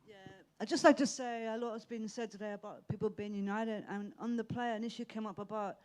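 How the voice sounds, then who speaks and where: A man from Ireland, making an earnest, somewhat halting comment from the audience. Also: sits high, fairly even intonation. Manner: earnest, halting, gently reflective. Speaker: audience member.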